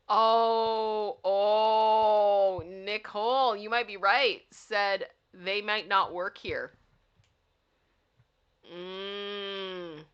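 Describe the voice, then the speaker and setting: A woman hosts a casual livestream, reading funny signs aloud, giggling playfully, laughing often and talking back to her chat. Her mid-range voice is a bit bright, clear and resonant, though the sound is lo-fi.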